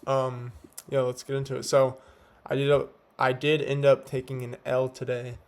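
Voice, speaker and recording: This is a young man's casual, slangy recap of his trading day, delivered at home at night. He's a day trader whose mid-range voice stays monotone and slightly dark at a normal pace, with a faint lisp from teeth whitening strips.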